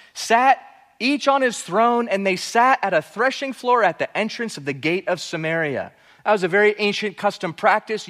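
A man preaching a sermon on a Bible passage, animated, acting out the characters' voices as he goes. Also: high voice. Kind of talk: expository sermon. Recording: hall reverb.

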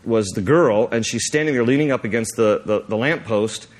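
At a normal speed, a male pastor animatedly performs a story within his sermon, acting out what happens. Fillers and restarts fill his rambling delivery, and his voice shoots up whenever he's excited.

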